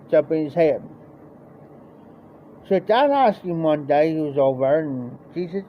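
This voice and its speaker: Midwest guy with a high voice rambling thru an old story, does the voices, kinda muffled stream audio w a little hiss. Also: lively intonation, unhurried, long pauses. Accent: American Midwest. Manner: folksy, rambling, acts out quoted voices. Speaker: live stream host telling a story. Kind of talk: casual storytelling. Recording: dull lo-fi stream audio, faint noise.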